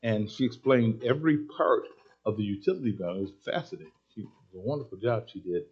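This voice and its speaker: A man preaching a sermon, telling a story with excitable, emphatic energy. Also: lowish voice, quick pace, slightly rough. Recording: dull lo-fi sermon recording.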